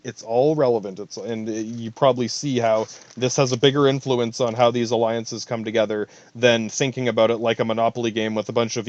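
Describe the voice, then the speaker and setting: A man's voice: medium pitch, darkish tone, no room sound, dull audio. A man hosting a podcast alone, rambling in a profane, stream-of-thought monologue full of asides. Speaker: podcast host.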